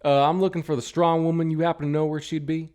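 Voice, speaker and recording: A man's voice: on the high side, level tone, fast, a little mellow, smooth, natural voice. A man playing an exasperated male US Marshal detective in a tabletop game, folksy and blustery.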